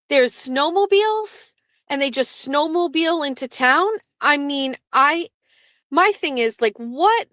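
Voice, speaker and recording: A woman from southeastern Massachusetts hosts a show in a high-pitched voice, recorded without echo. Her chat is casual and rambling, and she's lively, swearing freely and often breaking into laughter.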